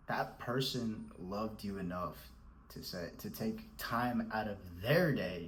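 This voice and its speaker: A man's voice: mid-range voice, a little hiss or hum, low-quality recording. A man giving a scolding, emphatic motivational rant, repeating himself and calling the listener bro. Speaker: motivational speaker.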